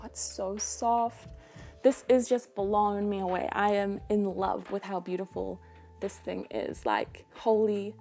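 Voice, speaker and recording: A young woman with a New Zealand accent, a doll artist unboxing a doll in an excited vlog, full of breathless delighted gasps. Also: a little high. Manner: gushing, breathless exclamations of delight.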